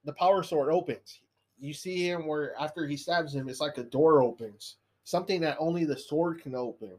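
A man with a voice pitched a little higher than most men. He recaps a show in loose, casual chat. He swears often and keeps dropping "you know" as he talks. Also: normal speed, darkish tone, husky.

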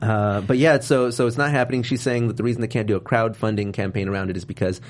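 A man hosting a casual chat, talking in an animated, rambling way over faint room noise. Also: fairly low pitch, quick pace. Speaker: host.

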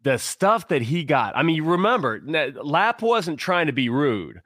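A man's voice: on the high side, big pitch swings, moderate pace, a bit bright, no room sound, clean studio sound. A man co-hosting a casual sports talk show, speaking with passion and rambling through many restarts. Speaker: podcast co-host.

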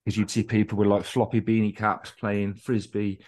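A man's voice: on the low side, little pitch movement, normal speed, a little mellow. A man co-hosting a podcast, telling long candid stories with swearing, restarts and self-deprecating asides. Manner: candid, rambling, profane storytelling with restarts. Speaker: podcast co-host. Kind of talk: casual podcast chat.

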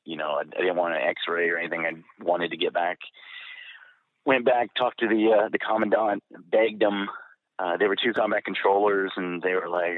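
Middle-aged veteran guest with a deep voice, candid and rambling, on a dry, tinny line. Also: male voice, steady tone, normal speed, no echo. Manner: candid, rambling with fillers and restarts. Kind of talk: storytelling in an interview. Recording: dry, phone-like narrow sound.

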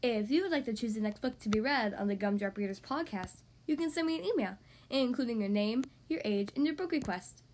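Upbeat woman host, kids' story reader, high lively voice. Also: a little fast, a little hiss or hum. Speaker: podcast host reading to kids. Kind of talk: children's storybook reading.

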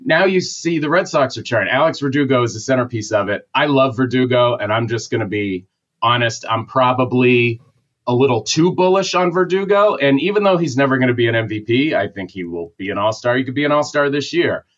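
A man's voice: medium pitch, brisk, a bit bright. A man with a Boston accent delivers a rambling, opinionated rant in casual sports talk. The audio is dull and lo-fi. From Massachusetts.

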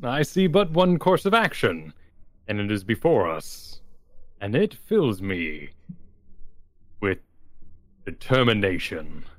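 A man's voice: lowish voice, very animated, takes it slowly, pauses often, no echo. A man speaking in character during a tabletop game, resolute and rousing. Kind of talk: tabletop role-play.

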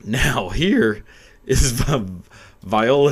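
A young video commentator rants crudely into his camera mic, rambling, swearing and breaking into frequent laughter in a comedic tirade. His mid-range voice is expressive and slow.

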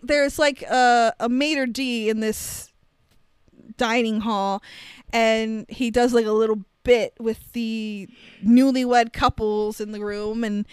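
A woman's voice: fairly high pitch, takes it slowly, clear, resonant tone, no echo. Chatty woman recapping a movie. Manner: chatty, animated storytelling with many "like" fillers and laughs. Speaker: podcast co-host recapping a film. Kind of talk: casual chat.

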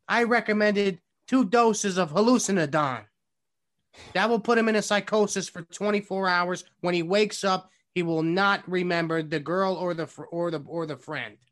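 A man's voice: high voice, fairly bright tone. A man co-hosting a podcast, bragging with over-the-top confidence in casual comedic banter. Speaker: podcast co-host.

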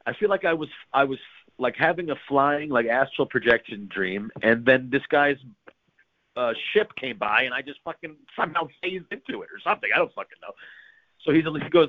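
A man's voice: mid-range voice, normal speed. A man telling a story in casual chat, swearing freely and acting out the voices in it. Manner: animated, swearing, acts out voices in his stories. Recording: tinny phone-like line.

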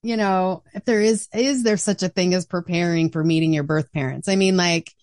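A woman's voice: lowish voice, moderate pace, darkish tone, no room sound. Chatty woman interviewer, dry close sound.

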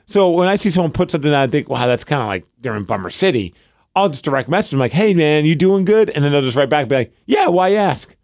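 A man in his thirties chats on a podcast in a relaxed, rambling way, often turning jokes on himself. His voice sits at a middle pitch. The sound is close and dry, with no room echo. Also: rapid-fire. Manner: rambling, self-deprecating storyteller. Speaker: podcast co-host. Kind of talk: casual chat.

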